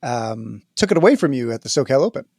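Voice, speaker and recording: A man's voice: mid-range voice, quick pace, dry recording. Podcast guy chatting about tournaments, laughy and rambly, dry close mic. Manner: animated storyteller, lots of fillers and laughs. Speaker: podcast co-host. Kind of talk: casual chat.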